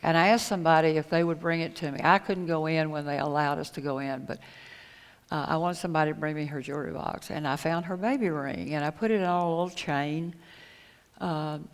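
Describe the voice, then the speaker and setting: Low-voiced woman telling her story in a hall. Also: clean tone. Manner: earnest, halting, retells conversations. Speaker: conference speaker. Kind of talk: personal storytelling talk. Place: conference hall. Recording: echoey hall with long reverb.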